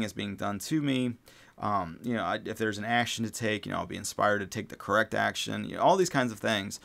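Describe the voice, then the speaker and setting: Low gravelly man musing on mindset. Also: a bit bright. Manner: rambling, many fillers and restarts, swears casually. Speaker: podcast host. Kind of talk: casual spiritual self-help talk.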